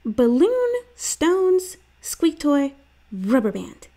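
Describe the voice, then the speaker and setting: A woman voicing an eager young boy in a children's storybook read-aloud, guessing answers out loud. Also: high voice, big pitch swings, extremely slow, voice pushed up, full character voice. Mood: excited. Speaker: teacher reading aloud.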